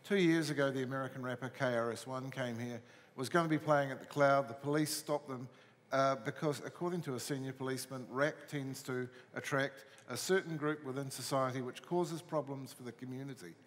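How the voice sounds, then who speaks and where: A man's voice: mid-range voice, a little fast. New Zealand man chairing a panel, echoey. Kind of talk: moderating a panel. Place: museum hall. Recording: reverberant hall.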